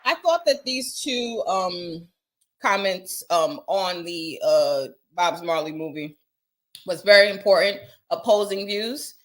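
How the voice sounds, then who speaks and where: A woman hosting a morning commentary show, talking bluntly and emphatically, swearing and laughing as she gives her opinions. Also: mid-range voice. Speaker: host.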